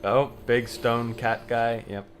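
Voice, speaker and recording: A man's voice: medium pitch, fairly even intonation, takes it slowly, soft background music. A man streaming a video game, chatting and reacting as he plays and reads on-screen text. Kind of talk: let's play commentary.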